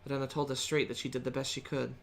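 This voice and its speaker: A woman streamer reading a visual novel's narration aloud in a subdued, measured way. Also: a bass voice, flat delivery, a little hiss or hum.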